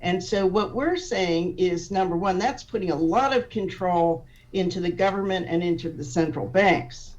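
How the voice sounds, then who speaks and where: A woman's voice: lowish voice, normal speed, few pauses, a little mellow. A woman who is a podcast guest, explaining ideas patiently and step by step, often restarting her sentences. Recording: distant, dull-sounding audio.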